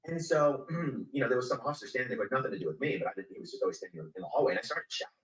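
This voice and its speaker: A man's voice: mid-range voice, rapid-fire, hardly any pauses, echoey room, distant mic, poor audio. A man telling of his arrest in a played-in clip, acting out his exchanges with officers. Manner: animated retelling that acts out his exchanges with officers.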